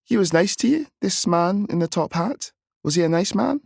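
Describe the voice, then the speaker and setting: Man putting on a brisk auntie, higher voice, teasing and no-nonsense, dry sound. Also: expressive, creaky, a little mellow, no room sound, exaggerated voice. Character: brisk strong young Irish aunt.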